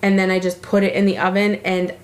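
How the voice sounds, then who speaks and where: A woman's voice: medium pitch, flat delivery, fast. Laughing woman in casual echoey chat. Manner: laughing, rambling, swears freely. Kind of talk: casual chat among friends.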